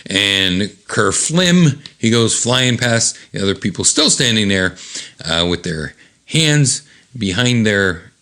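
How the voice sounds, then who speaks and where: Man, comic book read-aloud, host, lively swooping voice, jumps into high character voices. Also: slow pace. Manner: chuckles at the jokes.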